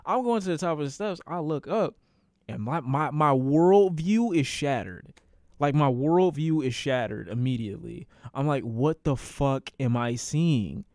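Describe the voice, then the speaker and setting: A young man with a somewhat high voice tells a storytime on his stream, cursing and circling back over his own lines. The sound is dry and close, with no room around it. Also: moderate pace, no echo. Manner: animated, profane, repeats phrases for emphasis. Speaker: streamer telling a personal story. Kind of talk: casual storytelling.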